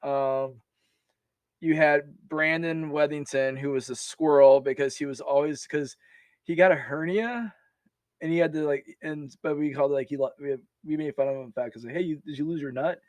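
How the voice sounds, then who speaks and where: A man telling stories from his army service in a casual, animated way, laughing often and restarting his sentences. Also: on the high side, moderate pace, no room sound. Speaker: podcast guest, army veteran. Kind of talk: casual storytelling.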